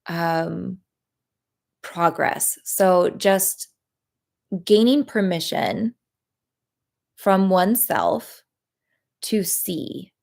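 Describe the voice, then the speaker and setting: A woman leading a live guided tapping session, talking in a gentle, encouraging way with many pauses and fillers. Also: on the low side, creaky. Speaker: EFT tapping practitioner.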